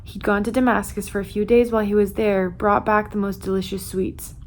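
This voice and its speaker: A woman's voice: medium pitch, flat delivery, fairly quick, a little hiss or hum, lightly acted. A woman reading aloud the lines of a man, a film director, in a chatty, offhand way. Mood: casual. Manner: casual, chatty questioning. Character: casual middle-aged male film director.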